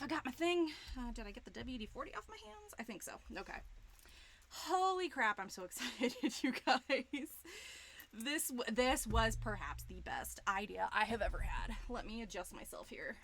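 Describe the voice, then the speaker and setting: A woman in her thirties chatting on a live stream, gushing and excitable, swearing freely. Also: a little high. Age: 30s. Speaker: streamer and digital artist. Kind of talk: casual live-stream chat. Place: home studio room.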